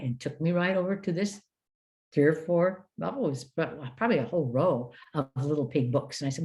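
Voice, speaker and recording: An older woman from the United States presents to a room of teachers. Her voice sits very low and sounds warm and dark. She tells stories from her classroom in a lively, conversational way, with plenty of "uh"s. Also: fairly quick. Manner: lively storytelling with frequent "uh" fillers. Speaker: education presenter. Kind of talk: workshop lecture for teachers.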